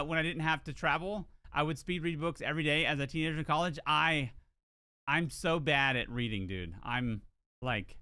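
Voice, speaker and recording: A man's voice: on the high side, sharp tone, smooth, no echo. A man with a southern US accent, streaming a game and chatting in a rambling, self-deprecating way, full of "like" and "dude". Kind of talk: casual stream chat.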